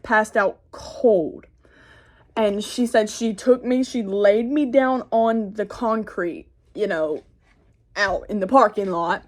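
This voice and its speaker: A woman's voice: fairly high pitch, darkish tone. A teenage girl telling a storytime tale in a casual, rambling way, full of "like" and "y'all", recorded on a phone camera. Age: teens. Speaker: vlogger. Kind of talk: get-ready-with-me storytime.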